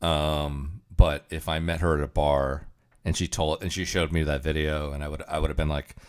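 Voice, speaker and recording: A man's voice: rumbling low, little pitch movement, normal speed, darkish tone, clean tone. A man hosting a livestream, chatting casually as he reacts to clips, rambling with plenty of fillers and chuckles. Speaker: livestream host.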